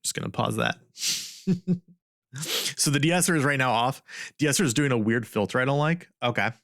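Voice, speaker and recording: A man's voice: mid-range voice, normal speed, fairly bright tone, dry recording. A man chatting casually on a live stream as a streamer, rambling and talking to his chat while testing a studio microphone. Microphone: studio mic.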